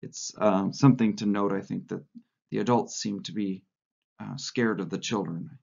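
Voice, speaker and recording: A low-voiced male teacher reads a novel aloud for his class, now and then tripping over words and correcting himself. The audio is dull and lo-fi, like a recording made at home. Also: steady tone, moderate pace, gravelly, darkish tone. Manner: frequent stumbles and self-corrections. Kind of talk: reading a novel aloud to students.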